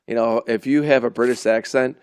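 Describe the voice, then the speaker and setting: A man's voice: mid-range voice, steady tone, fairly quick, darkish tone, clear, resonant tone, no room sound. A man hosting a live trading show, bantering and joking with his guests before turning to the charts. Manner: jokey, bantering, hesitant restarts. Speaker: host.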